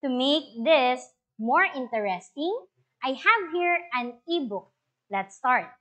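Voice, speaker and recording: Woman, Filipino accent, teacher, read-aloud lesson, slow and careful, higher pitch. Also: lively intonation, fairly bright tone. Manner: slow, careful, questions to pupils. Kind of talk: online class lesson and storybook read-aloud.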